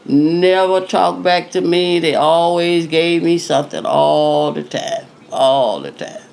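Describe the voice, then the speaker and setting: Faint music sits behind a slow, creaky, low-leaning voice with a darkish tone. It belongs to an older retired singer telling stories in a chatty interview, acting out quoted dialogue and sprinkling in plenty of "you know."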